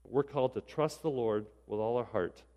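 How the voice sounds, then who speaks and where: A man preaching in an easy, conversational tone, his speech full of restarts and asides. His voice sits at an ordinary middle pitch and rings out with a long hall reverb, as in a church sanctuary. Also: moderate pace, warm tone. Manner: conversational, self-deprecating, with repeated restarts. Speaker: pastor. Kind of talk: sermon.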